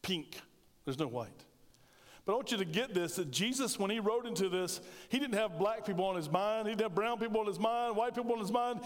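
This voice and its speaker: In a reverberant church sanctuary, a middle-aged pastor preaches with a high-sitting, slightly fast voice. He tells animated stories and jokes with the congregation.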